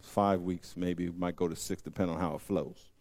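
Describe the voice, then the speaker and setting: A man preaching a sermon as pastor, emphatic and repeating phrases, swinging between loud preaching and quiet asides. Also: low voice, steady tone, a little fast, dry recording.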